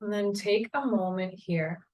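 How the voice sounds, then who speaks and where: A woman yoga teacher leading a guided meditation in a slow, calm, soothing way. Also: mid-range voice, low-quality recording. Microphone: camera mic, seated on a chair.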